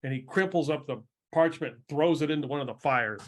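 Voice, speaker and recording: A man narrating a tabletop game as game master, halting with many restarts. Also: a little high.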